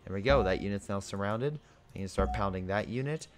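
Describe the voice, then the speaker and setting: A man's voice: on the low side, a little fast. A young man giving casual commentary on his strategy game, thinking aloud as he orders his units about. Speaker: gaming video host. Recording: game music behind the voice.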